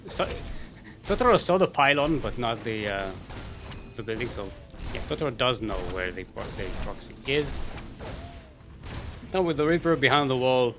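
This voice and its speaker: A man casting a live strategy game match in a rambling, chatty way with frequent fillers. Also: medium pitch. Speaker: esports caster.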